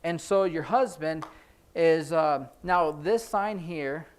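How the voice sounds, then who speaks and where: A man's voice: on the high side, takes it slowly. A man teaching a casual sign language class in a church, explaining signs in a chatty, informal way with many fillers.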